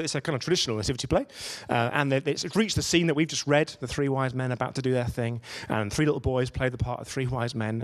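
A man giving a conversational sermon, telling stories and asking his listeners rhetorical questions. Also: medium pitch. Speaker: preacher.

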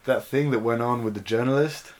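A man's voice: mid-range voice, fairly quick. A young man co-hosting a podcast, retelling a news story in a chatty way with lots of "like". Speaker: podcast co-host. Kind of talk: casual podcast chat.

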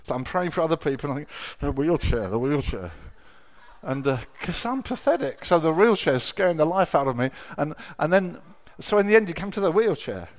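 A middle-aged man preaching a sermon, telling personal stories with emotion, dropping to a hush and then rising to loud exclamations. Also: a little high, sing-song, fairly quick, few pauses. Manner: emotional, swings from hushed storytelling to loud exclamation.

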